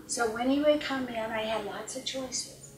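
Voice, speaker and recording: A middle-aged woman coaching at a seminar, earnest, often acting out short dialogues and sometimes dropping to a calm hush, recorded with a distant mic in an echoey conference room. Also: a little high, unhurried, a little hiss or hum. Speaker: life coach speaker. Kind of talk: seminar talk.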